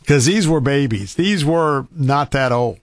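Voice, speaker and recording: A man's voice: mid-range voice, lively intonation, a little slow, dry recording, clean studio sound. A man telling an outdoor story in a folksy, casual way and giving emphatic safety warnings with repeated words. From Florida.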